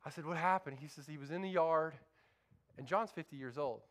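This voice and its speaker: Pastor, male, higher-pitched voice, fervent call-and-response sermon delivery. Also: brisk.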